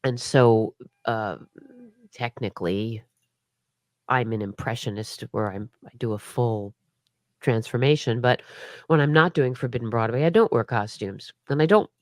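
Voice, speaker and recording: A woman's voice: extremely low pitch, measured pace, darkish tone, no echo, clean studio sound. A middle-aged woman chatting as an interview guest, talkative and laughing, with many restarts and hiccups. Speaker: guest performer. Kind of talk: casual interview chat.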